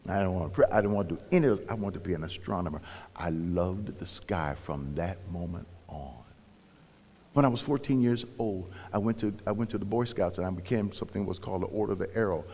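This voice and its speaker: Man preaching in an echoing church. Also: deep voice. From Cleveland, Ohio, USA. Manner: animated, swings from loud emphasis to hushed whispers. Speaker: pastor. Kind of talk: storytelling sermon. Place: church sanctuary.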